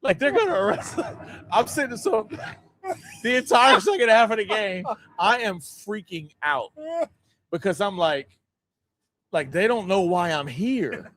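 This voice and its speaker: A man, a sports columnist telling a story in casual chat, animated and laughing as he acts out quotes. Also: high-pitched, unhurried, long pauses, slight background noise.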